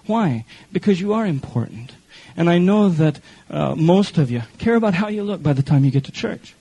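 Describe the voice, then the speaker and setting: High-voiced preacher on radio. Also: male voice, normal speed, husky, low-quality recording. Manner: lively, joking, reads scripture aloud in put-on voices. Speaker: pastor. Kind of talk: sermon.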